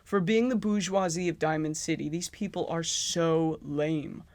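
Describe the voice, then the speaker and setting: A man's voice: on the high side, fairly even intonation, a little slow, darkish tone, no room sound. A man giving sarcastic, profane commentary on a video game. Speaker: video essayist.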